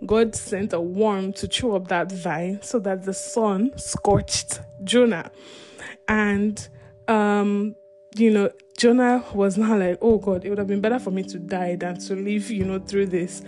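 A woman's voice: medium pitch, darkish tone. Chatty woman retelling a Bible story. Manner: chatty, laughs often, many "you know" fillers. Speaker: Bible study leader.

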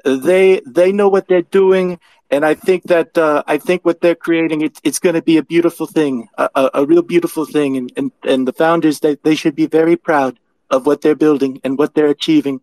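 A man's voice: a little high, steady tone, normal speed, a little mellow, no room sound, close to an everyday voice, poor audio. A man impersonating a boastful older male politician who rambles, praises himself and repeats his phrases. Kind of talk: impression in an online audio room.

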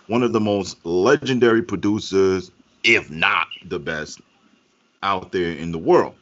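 A man co-hosting a casual music podcast chat, talking in an animated, rambling way with restarts. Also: sits low, measured pace. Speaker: podcast co-host. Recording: muffled lo-fi audio.

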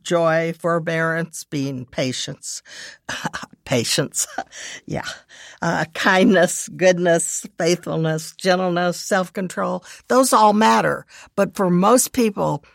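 A middle-aged woman giving earnest devotional teaching, reading scripture verses in measured lists. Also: lowish voice, creaky, dry recording, clean studio sound. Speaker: devotional speaker and parent.

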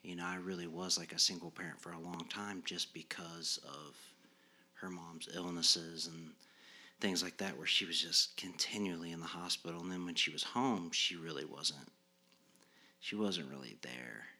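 A middle-aged man with a very low voice and a bright, forceful edge talks reflectively on a podcast. He speaks haltingly with many fillers and sometimes drops to a hushed near-whisper. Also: fairly even intonation. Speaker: podcast co-host. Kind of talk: reflective casual conversation.

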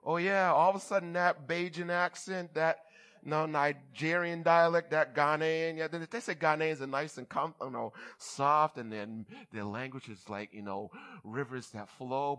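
A man preaching at a church service with a slow, deliberate delivery. His voice is bright and a little high for a man, and he keeps checking in with his listeners as he goes. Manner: animated, talks back and forth with the congregation. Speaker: bishop preaching to a congregation. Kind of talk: live church sermon.

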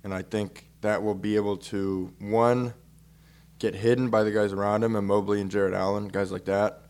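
A young man co-hosting a sports podcast, casual and chatty, pushing back on his friend with dry, deadpan teasing. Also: fairly low pitch, normal speed. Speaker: podcast co-host.

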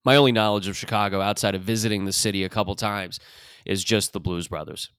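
A man from Canada riffs through a rambling, profane comic monologue, leaning on loose fillers as he goes. His voice is low and smooth. It is recorded dry and close. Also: quick pace, fairly bright tone, dry recording. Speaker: podcast host. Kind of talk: comedic monologue.

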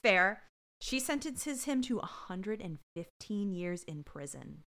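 A woman's voice: medium pitch, slow. A woman co-hosting a podcast, recapping a TV episode in casual, emotional chat over a video call. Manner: animated, emotional, swears freely. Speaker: podcast co-host. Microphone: computer mic on a video call.

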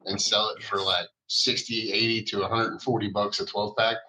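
A man's voice: on the low side, level tone, normal speed, bright, forceful tone, slight background noise, low-quality recording. A man in casual podcast chat, making offhand remarks.

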